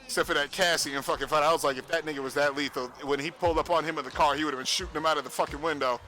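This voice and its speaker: A man chatting casually on a livestream, telling a profane, animated story with frequent laughs. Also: on the high side, rapid-fire, faint music behind. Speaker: streamer. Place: home streaming setup.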